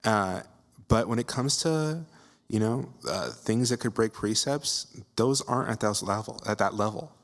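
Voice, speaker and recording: A man's voice: fairly low pitch, unhurried. Earnest man asking a question. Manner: earnest, searching. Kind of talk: question at a lecture. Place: temple lecture hall. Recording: long hall reverb.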